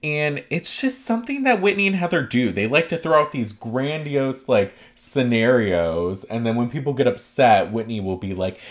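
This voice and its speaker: A man's voice: mid-range voice, animated, normal speed, few pauses. A man giving a casual, gossipy recap of a reality show, chatty and full of fillers, with sarcastic asides.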